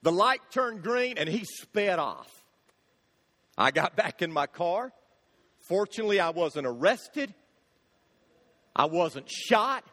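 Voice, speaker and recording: A man preaching a sermon, telling funny stories in an animated way and acting out the shouting in them. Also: high-pitched, takes it slowly, pauses often. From Florida, USA. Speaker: pastor. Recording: long hall reverb.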